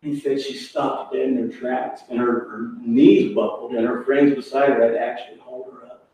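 A man preaching a sermon, an animated, impassioned storyteller. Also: medium pitch, moderate pace, creaky. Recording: echoey hall, mic far off.

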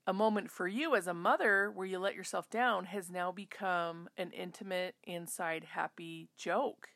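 Chatty thirties woman host, low gravelly voice, dry close sound. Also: normal speed, fairly bright tone, dry recording. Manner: chatty, self-interrupting, reflective. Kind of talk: casual chat.

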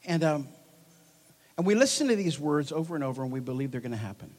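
Animated male preacher, lively and joking. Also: fairly high pitch, fast talker. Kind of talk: charismatic sermon. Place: church hall before a congregation.

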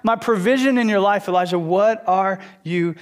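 A man's voice: high voice, expressive, a little slow. A man voicing God, pressing and insistent. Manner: insistent, repeating questions. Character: God gently rebuking a runaway prophet.

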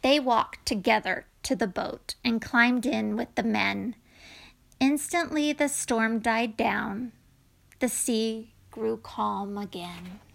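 A woman reading a rhyming children's story aloud in a gentle voice that drops to whispers. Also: on the high side, vocal fry.

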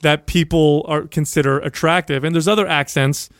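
A brash, crude-joking man co-hosting a podcast in a studio, his voice sitting high for a man. The sound is close and dry on a studio mic. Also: steady tone, moderate pace, dry recording. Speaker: podcast co-host. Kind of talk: casual chat.

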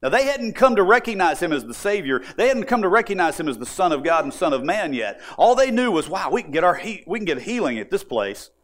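Male preacher, high and very animated delivery, acts out the quotes. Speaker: pastor. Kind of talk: sermon.

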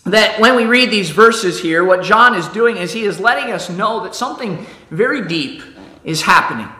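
A man's voice: high voice, lively intonation, moderate pace, sharp tone, reverberant. A middle-aged man giving a sermon as a pastor, conversational, with restarts and acted-out quotes.

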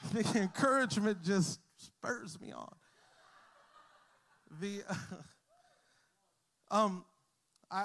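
High-voiced male pastor preaching. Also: a little hiss or hum. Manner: storytelling, jokes with the crowd, builds to shouting. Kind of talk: sermon. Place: church hall with a congregation.

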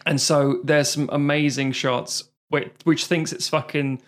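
A man's voice: a little high, level tone, a little slow. A man co-hosting a casual film review podcast, sardonic and sweary, often mimicking people. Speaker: podcast co-host.

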